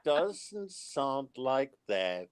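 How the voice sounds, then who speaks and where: A man in a casual group chat, speaking slowly with a teasing manner. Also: mid-range voice, sing-song, over a noisy crowd.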